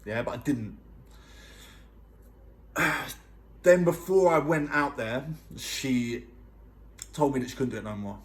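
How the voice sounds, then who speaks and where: A man's voice: medium pitch, takes it slowly, pauses often. A man earnestly telling his own story in a casual vlog, emphatic and often checking in with the listener.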